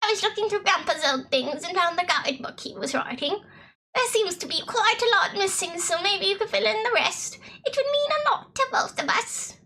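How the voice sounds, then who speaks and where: A woman voicing a doting, fussing older grandmother with a British accent and a high, fluttery voice that rises into breathy peaks. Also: animated, normal speed, pushed and bright, full character voice. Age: over 60. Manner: clucking and fussing nonstop.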